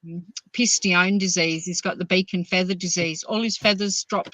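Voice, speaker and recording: A woman's voice: fairly low pitch, moderate pace, dry recording, rough recording. A woman, rambling through stories as a podcast host. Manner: rambling, animated storyteller. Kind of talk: casual chat.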